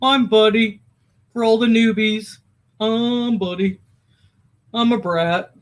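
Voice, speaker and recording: A woman's voice: a little high, fairly even intonation, slow pace. Woman putting on a cutesy old dachshund voice. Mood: playful. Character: bratty old male dachshund greeting viewers.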